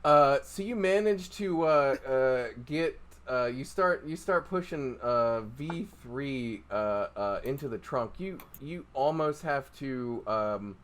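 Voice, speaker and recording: A man running a tabletop game as game master, casual and halting with many fillers. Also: medium pitch, expressive, a bit bright, slight background noise.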